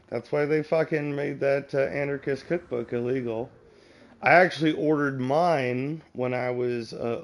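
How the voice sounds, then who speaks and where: A man chatting casually while streaming a game, rambling and swearing as he gives advice. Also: mid-range voice. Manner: profane, rambling, advice-giving.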